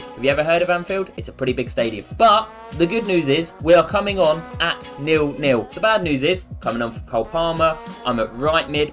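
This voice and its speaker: A man giving casual, joking commentary over a football video game, rambling and poking fun at himself. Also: fairly high pitch. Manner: animated, jokey, rambling and self-mocking. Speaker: gaming YouTuber.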